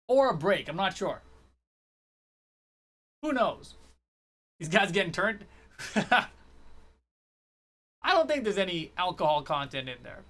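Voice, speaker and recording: Fast-talking casual esports commentator, man. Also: high-pitched, bright, forceful tone. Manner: fast-talking, rambling and jokey. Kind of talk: casual solo live-stream commentary.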